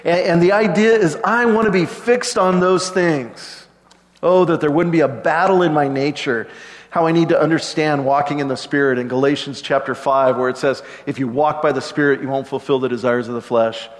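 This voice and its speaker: A middle-aged man preaching a sermon in a relaxed, conversational way, dropping joking asides to the congregation. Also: fairly high pitch, moderate pace, long reverb tail. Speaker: pastor.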